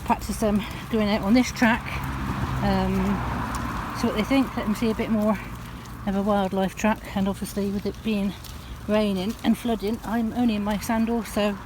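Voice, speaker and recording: A woman with a Northern English accent vlogging casually as she walks a wet park track, chatty and given to high sing-song baby talk with her cats. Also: steady tone, moderate pace, background noise. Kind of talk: casual walking vlog.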